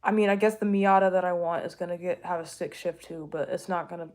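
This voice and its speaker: A woman's voice: fairly low pitch, fairly even intonation, fast, darkish tone. A young woman from the United States chatting casually with viewers, rambling and correcting herself, with frequent jokes. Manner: rambling, self-correcting, jokey, with laughs. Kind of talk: casual chat answering viewers.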